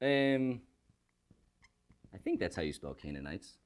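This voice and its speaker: Animated man teaching a class. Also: sits low, a little slow. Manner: animated, thinks aloud, reacts to class. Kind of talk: classroom Bible lesson.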